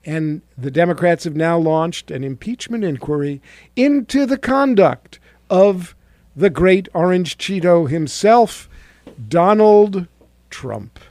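High-voiced, sarcastic male radio host. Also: expressive, takes it slowly, darkish tone, dry recording. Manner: sarcastic, mocking. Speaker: radio talk show host. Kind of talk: political commentary on talk radio.

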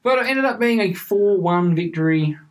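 A man hosting a casual cricket podcast, chatting in a relaxed way with frequent fillers. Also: sits high, normal speed, recorded from a distance. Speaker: podcast host. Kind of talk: casual chat.

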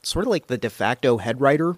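Chatty man, lively rambling storyteller. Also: medium pitch, fast talker, no echo. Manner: rambling, filler-heavy storytelling. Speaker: guest comedy writer. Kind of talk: casual interview chat.

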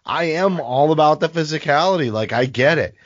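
A man's voice: a little high, lively intonation, brisk, no echo, dull audio. Blunt, frustrated man on a podcast. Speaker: podcast co-host. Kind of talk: casual sports podcast chat.

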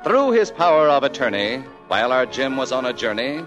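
A man's voice: medium pitch, sing-song, fairly quick, fairly bright tone, soft background music. A man narrating a 1940s radio comedy in sing-song rhyming patter.

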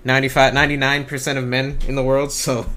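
A man's voice: mid-range voice, completely flat delivery, fast talker, a crowd in the background. A man co-hosting a casual wrestling podcast, chatting with dry jokes. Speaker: podcast co-host.

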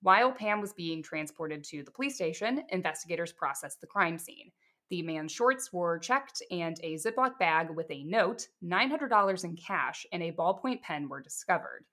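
Lower-voiced woman narrating true crime. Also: animated, normal speed, sharp tone. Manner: reads case details steadily, adds casual asides. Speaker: podcast co-host telling a true crime case. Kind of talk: casual true crime storytelling.

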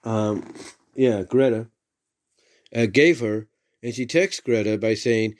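A man's voice: fairly low pitch, measured pace, darkish tone. A man rambling through a story recap. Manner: rambling, many fillers and restarts, repeats "if you will".

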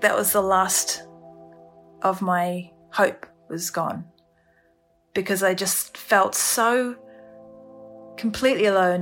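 A woman telling her own survival story in a halting, emotional way, with many restarts. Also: medium pitch, fairly bright tone. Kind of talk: personal survival story, told casually.

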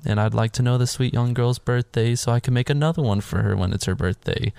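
A man in casual podcast chat, retelling a film scene by scene and acting out the characters in higher voices. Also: a little fast, gravelly, hardly any pauses, clear, resonant tone, no room sound, studio quality. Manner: animated, acts out characters' lines in higher voices.

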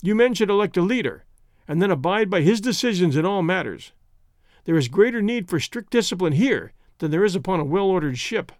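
A proper young woman scolding with firm, measured reproach, voiced by a male reader. The voice sits high and is recorded dry and close. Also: animated, no room sound. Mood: reproachful.

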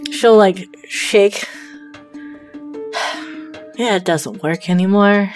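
A woman speaking slowly and deadpan as she plays a character in a tabletop role-play game. Her delivery stays weary and unhurried, with faint music playing behind her. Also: mid-range voice. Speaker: player voicing a character.

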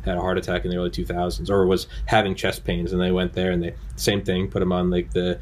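A man's voice: low-pitched, completely flat delivery, fast, slight background noise. A man hosting a podcast, chatting casually and rambling through anecdotes. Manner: rambling, acts out quotes in anecdotes. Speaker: podcast host. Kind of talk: casual conversation.

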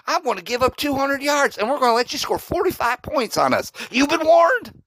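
A man doing a mocking impression of a boastful, blustering male football coach who shouts self-important warnings. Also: extremely high pitch, very animated, a little fast, no room sound, voice pushed up, heavily acted, rough recording.

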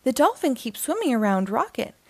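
Woman doing a curious little girl asking questions, high and bouncy. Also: very animated, fairly quick, darkish tone, no room sound. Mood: thoughtful.

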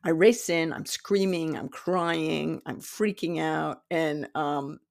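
Fifty-something woman telling a story, kinda low voice, lots of laughing and acting out who said what. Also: takes it slowly, creaky. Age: 50s. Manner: animated, laughs often, acts out quoted dialogue. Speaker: psychic development teacher. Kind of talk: casual storytelling monologue.

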